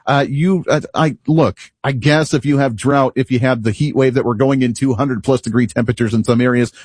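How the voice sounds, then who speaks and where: A man's voice: mid-range voice, steady tone, a little fast, a little mellow, slightly rough, dry recording. A man hosting a talk radio show, delivering an opinionated, rambling monologue and laughing at himself, recorded at a studio microphone. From United States.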